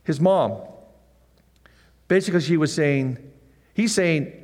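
A man's voice: a little high, takes it slowly, pauses often, darkish tone, big-room sound. A man preaching a sermon in a conversational way who acts out the scenes. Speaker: pastor.

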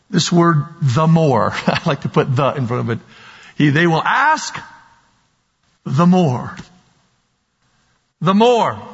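A man preaching a sermon in a church hall, slow and emphatic, repeating key words. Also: fairly high pitch, breathy edge. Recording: dull sound with long hall reverb.

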